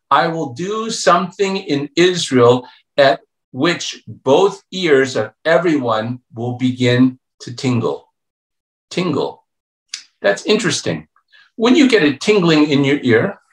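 A pastor preaching a youth revival sermon, telling a story and acting out its voices, playful and joking. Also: male voice, on the high side. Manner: storytelling preacher, acts out voices and swings between hushed and loud; playful, calls himself a joker. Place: church sanctuary. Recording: echoey church room.

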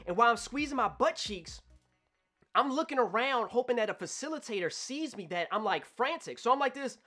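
A man telling a personal story to camera in an animated way, acting out his own past thoughts. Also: very high-pitched, fairly quick, faint music behind. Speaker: vlogger.

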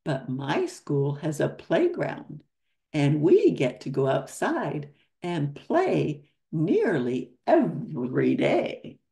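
A grandma doing a gentle cheerful young boy. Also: sits low, huge pitch swings, takes it slowly, creaky, heavily acted.

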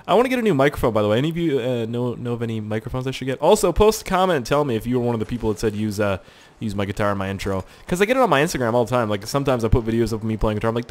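A young man casually commentating a video game, goofy and joking, swearing freely. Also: mid-range voice. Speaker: gaming channel host. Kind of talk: casual let's play commentary.

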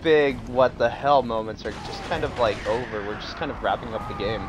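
A sleep-deprived man giving excitable let's play commentary, prone to sudden exclamations. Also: mid-range voice, fairly quick, noisy background. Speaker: gameplay commentator.

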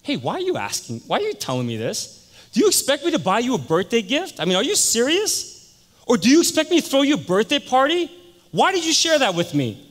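A woman's voice: fairly high pitch, huge pitch swings, fairly quick, voice pushed up. A man voicing a brash, scornful woman who mocks the person next to her. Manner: loud, mocking, rising to near shouts. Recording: echoey church hall.

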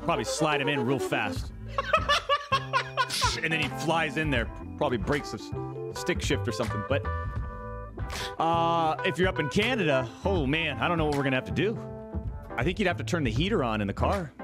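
A man's voice: a little high, expressive, fairly quick, long pauses, music in the background. Brash showman streamer reading donations. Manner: brash, boastful, mock-serious delivery. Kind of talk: theatrical livestream banter.

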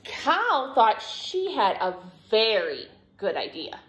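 A woman from a school staff reading a picture book aloud to children in an expressive, animated way. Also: a little high, slow pace.

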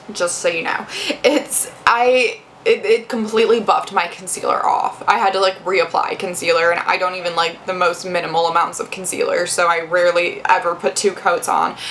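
A woman's voice: lowish voice, a bit bright, a little hiss or hum, low-quality recording. A young adult woman giving a casual makeup review, chatty and rambling with lots of fillers and restarts. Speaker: beauty vlogger.

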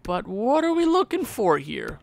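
A man giving casual commentary on a sports video game, animated, talking to himself and often jumping into a high, squeaky voice. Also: measured pace, creaky, slight background noise. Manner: animated, jumps into high squeaky voice when excited or pleading; talks to himself, muttering low. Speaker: gaming YouTuber.

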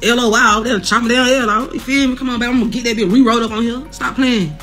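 A woman's voice: on the high side, steady tone, rapid-fire, a bit bright, soft background music. A woman talking casually to camera from her recovery bed, defiant, boastful and full of repetition and slang. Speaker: vlogger recovering from burns.

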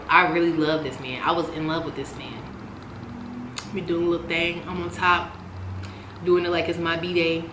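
Young woman vlogger, casual storytime, lively and profane, lower voice, roomy noisy recording. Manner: animated, swearing, swings from loud to hushed. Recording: echoey room with noise.

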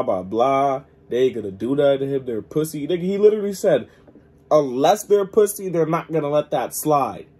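A man's voice: fairly high pitch, warm tone, breathy edge. A man hosting a reaction video, talking in casual, emphatic slang. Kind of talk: reaction commentary.

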